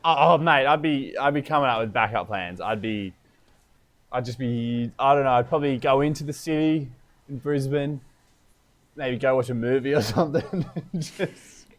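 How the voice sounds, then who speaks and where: A man, co-hosting a podcast, thinking aloud in a relaxed, rambling way. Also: mid-range voice, moderate pace. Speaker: podcast co-host. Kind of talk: casual chat.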